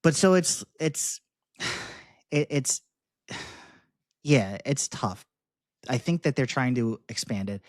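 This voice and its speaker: A man co-hosting a podcast in casual chat, talking in halting bursts with frequent restarts. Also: mid-range voice, animated, no room sound, clean studio sound. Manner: halting, many restarts and fillers. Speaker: podcast co-host.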